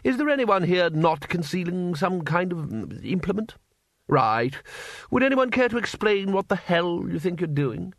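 Man doing a high, brusque old wizard boss for an audiobook, close and dry. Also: sing-song, a little slow, creaky, dry recording, full character voice. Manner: booming, brusque, commanding. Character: blustering elderly male wizard head. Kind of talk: audiobook character voice.

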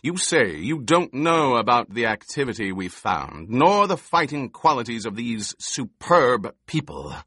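A man's voice: medium pitch, big pitch swings, a little slow, hardly any pauses, bright, forceful tone, husky, dry recording, studio quality, exaggerated voice. A man voicing a cruel, mocking emperor who speaks in an imperious, purring, commanding way. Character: cruel, mocking male emperor on his throne.

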